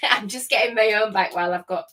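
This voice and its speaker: A woman's voice: mid-range voice, brisk, bright, forceful tone. A woman co-hosting a casual livestream, teasing and playful, reading out viewer comments. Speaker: co-host.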